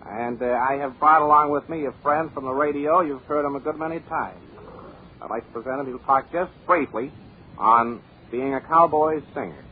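A man's voice: mid-range voice, slight background noise, natural voice. A man playing a pompous, long-winded career advisor who drones and halts with uhs. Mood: droning. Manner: pompous, droning, halting with uhs. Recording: tinny old radio broadcast.

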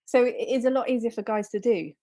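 A woman's voice: fairly high pitch, fast talker, dark tone. A woman chatting as a guest, cheeky and frank, giggling often. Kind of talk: casual chat.

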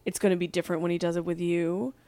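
A woman's voice: on the low side, little pitch movement, very fast, mellow, no echo. A woman hosting a podcast, giving earnest advice in casual chat with many fillers. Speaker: podcast host.

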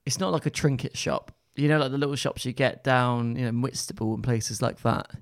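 A man's voice: medium pitch, a little fast. A man, co-hosting a casual podcast chat, laughing easily and mimicking characters. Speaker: podcast co-host.

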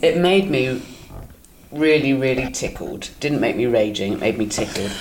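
A young woman co-hosting a podcast, chatting candidly and swearing freely with quick restarts. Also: a bass voice, expressive, slight background noise. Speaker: podcast co-host. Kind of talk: casual chat.

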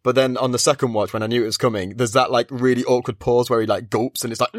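A man's voice: mid-range voice, steady tone, fast, hardly any pauses, no room sound, studio quality. A man co-hosting a podcast, chatting casually and acting out characters' lines as he retells scenes. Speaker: podcast co-host.

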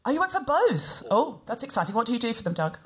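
A woman from Australia with an Australian accent hosting a live comedy podcast, quick and playful, teasing the audience. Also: fairly high pitch, sing-song. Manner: quick, playful, self-mocking. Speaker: podcast host. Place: live theatre stage.

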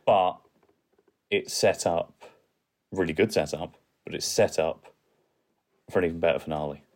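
A man co-hosting a podcast, chatting in a relaxed, easygoing way. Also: low voice, normal speed. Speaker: podcast co-host. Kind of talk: casual chat.

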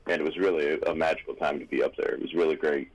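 A man with a very low voice trades stories on a radio talk show. He rambles through his anecdotes, restarting sentences and circling back to his point, in an easygoing conversational way. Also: steady tone, racing, slightly rough, muffled recording. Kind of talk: casual radio chat.

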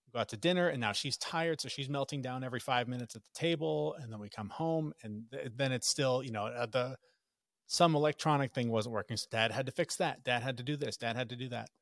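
Animated storytelling man, dry sound. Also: medium pitch, fairly quick, creaky, no echo. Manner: storytelling, animated when quoting others. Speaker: podcast guest. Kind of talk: casual podcast conversation.

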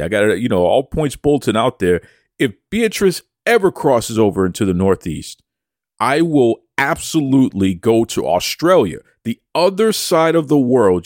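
A man's voice: medium pitch, dry recording, clean studio sound. A man hosting a podcast, reading out listener messages with playful mock bravado and talking about himself in the third person. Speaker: podcast host.

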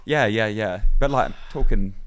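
A man's voice: on the low side, moderate pace, a little hiss or hum. A man chatting on a podcast in a playful, giggly way. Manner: playful, giggly, lively intonation. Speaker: podcast guest. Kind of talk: casual chat.

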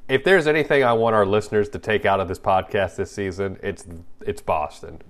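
A man's voice: lowish voice, a little fast. A man co-hosting a podcast in casual chat, with dry, teasing banter. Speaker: podcast co-host.

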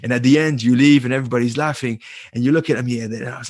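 Man, casual storytelling, dry close sound, animated retelling. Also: medium pitch, racing, husky, no echo. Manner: animated, rises into retold dialogue. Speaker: former French rugby teammate, guest.

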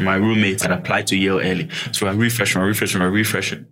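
A young man from Ghana, a guest in an interview, telling animated stories and acting out voices, laughing often. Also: low voice, rapid-fire, hardly any pauses, a little hiss or hum. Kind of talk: storytelling interview.

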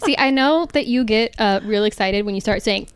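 A woman co-hosting a casual podcast chat, talkative and quick to laugh, with playful asides. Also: medium pitch. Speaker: podcast co-host.

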